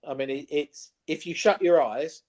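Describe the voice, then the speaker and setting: Man, co-host, storyteller, slightly high pitch, casual chat that slips into voices now and then. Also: normal speed. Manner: animated anecdote-telling, mimics voices in quotes. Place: studio.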